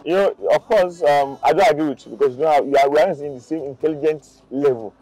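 A man from Nigeria playing a boastful young man who rambles about being the perfect gentleman. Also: fairly high pitch, fast, lightly acted, rough recording. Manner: rambling, self-important.

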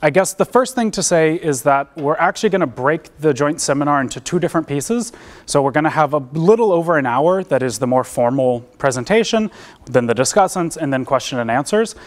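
A man's voice: a little high, lively intonation, fairly quick. Casual American man giving a seminar. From United States. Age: young adult. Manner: casual, self-deprecating, many fillers and restarts. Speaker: seminar presenter. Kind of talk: academic seminar talk. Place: lecture room.

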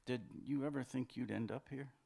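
A man's voice: medium pitch, moderate pace, vocal fry, warm tone, slightly rough. A man reading fiction aloud, voicing an anxious, apologetic married man who keeps pleading with the woman he loves.

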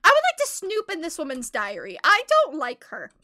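A young adult woman streaming a game live, chatting excitably in casual commentary and breaking into high giggles. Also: normal speed.

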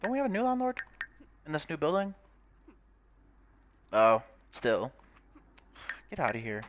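A man's voice: fairly high pitch, big pitch swings, unhurried, slight background noise. A young man giving casual, crude commentary while playing a game, swearing, laughing and reading game text aloud. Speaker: gaming YouTuber.

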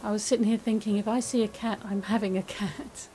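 A woman chatting casually while playing a game, with many restarts and a soft, hesitant way of talking. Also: medium pitch, fairly even intonation, a little fast, a little hiss or hum, low-quality recording. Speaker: gaming video creator. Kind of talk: casual gameplay commentary.

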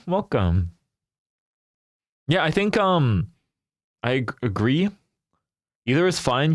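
A man's voice: mid-range voice, no room sound, studio quality. A young man live-streaming a game, chatting casually and animatedly with his viewers and laughing often.

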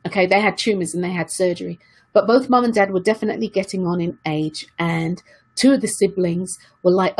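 A woman's voice: fairly low pitch, brisk, slightly rough. A woman giving an earnest motivational talk to her viewers, repeating key questions for emphasis. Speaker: self-help speaker.

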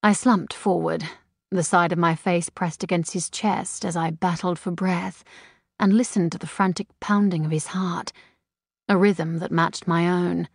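A woman narrating a first-person romance audiobook in an unhurried, sensual reading. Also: fairly low pitch, steady tone, gravelly, slightly rough, no echo, clean studio sound.

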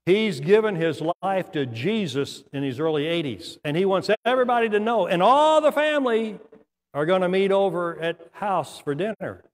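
A man's voice: fairly high pitch, in a large hall. An older man, a pastor, preaching a sermon in folksy storytelling style with asides and laughs. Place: church sanctuary.

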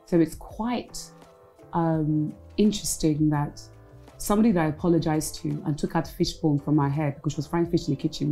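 A woman's voice: low voice, dark tone, low-quality recording. A woman, a former reality show contestant, talking frankly in a casual interview and slipping Igbo phrases into her English.

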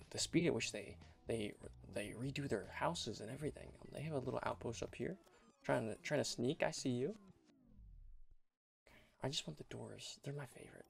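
Gravelly young man narrating gameplay. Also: mid-range voice. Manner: rambling and chatty, repeats and restarts phrases. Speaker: game commentator. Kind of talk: casual let's-play commentary.

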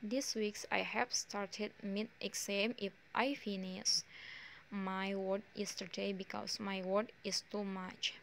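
Young woman, Indonesian accent, very slow, halting, pauses often, faint background hum. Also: medium pitch, flat delivery, gravelly, a bit bright. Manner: slow, halting delivery with many pauses and fillers. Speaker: student. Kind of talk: recorded pronunciation exam answers.

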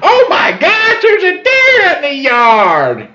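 Brief: excitable woman hunter, shrill squealing falsetto, put on by a man, dull lo-fi recording. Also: slow, heavily acted. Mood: excited.

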